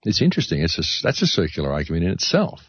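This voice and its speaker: A man's voice: deep voice, huge pitch swings, racing, breathy edge. A man who works as an announcer, talking earnestly in a casual discussion and often restarting his sentences. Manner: earnest, rambling with frequent restarts. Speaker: radio announcer. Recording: dull lo-fi, dry sound.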